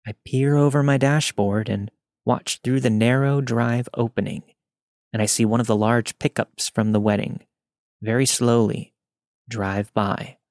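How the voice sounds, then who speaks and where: A man narrating a first-person scary story in a steady, tense read. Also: mid-range voice, measured pace, no room sound, studio quality.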